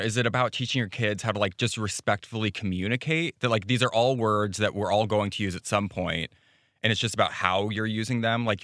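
A man's voice: lowish voice, fairly bright tone, no room sound, clean studio sound. A man co-hosting a podcast, asking a thoughtful follow-up question in casual chat.

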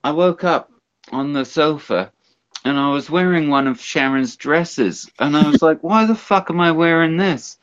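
A man impersonating a foul-mouthed, befuddled aging rock star who rambles and shouts for his family. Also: fairly high pitch, normal speed, clean tone, voice pushed up, natural voice. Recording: dull lo-fi sound.

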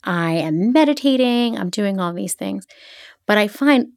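Animated middle-aged woman telling stories. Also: medium pitch, creaky, no room sound, studio quality. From Philadelphia area. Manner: animated storyteller, quick asides. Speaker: podcast guest. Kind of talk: casual interview chat.

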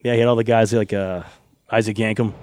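A man's voice: lowish voice, fairly even intonation, fast talker, a little mellow, dry recording, studio quality. A middle-aged man, a former wrestler, rambling through anecdotes in a casual interview with frequent laughs and swearing.

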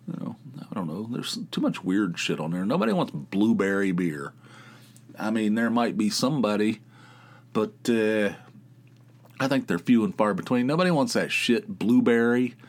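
A man hosting his own podcast, telling rambling everyday stories in a casual, meandering way, with plenty of filler words and casual swearing. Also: fairly low pitch. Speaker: podcast host.

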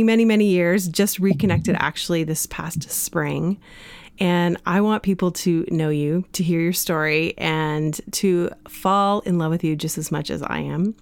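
A Canadian woman hosting a podcast interview, chatty and quick to laugh, often drifting into asides. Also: fairly low pitch, smooth, no echo. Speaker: podcast host. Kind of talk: casual interview chat.

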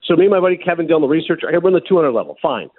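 Sports talk host, man, quick lively delivery, husky, tinny phone-like sound. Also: on the high side, no echo. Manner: animated storyteller, laughs often. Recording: muffled phone-like broadcast sound.

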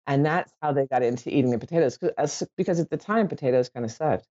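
Rambling Irish woman, mellow voice. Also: very deep voice, fast, few pauses, highs cut off. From Ireland. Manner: rambling, self-correcting, casual swearing. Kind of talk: casual podcast monologue.

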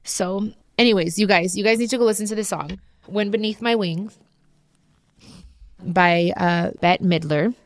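A woman's voice: medium pitch, a little slow. A woman in her thirties talking candidly to her viewers, heartfelt and emotional as she shares a personal story. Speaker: vlogger sharing personal story.

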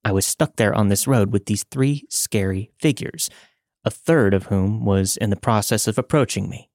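Low-voiced man reading a scary tale. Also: darkish tone, no room sound, studio quality. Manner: measured, dramatic storytelling. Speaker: podcast host reading listener stories. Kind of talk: scripted narration.

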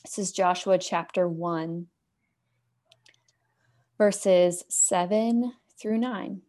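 A woman hosting a podcast, speaking earnestly and at a measured pace, reading scripture. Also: fairly low pitch, warm tone. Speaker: podcast host. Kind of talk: casual chat and scripture reading.

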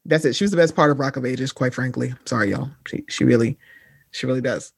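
Podcast co-host, mid pitch, blunt and profane, sarcastic pop-culture gossip, very dry close sound. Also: quick pace, vocal fry, breathy edge, dry recording. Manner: blunt, profane, sarcastic, addresses listeners as y'all. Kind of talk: casual pop-culture chat.

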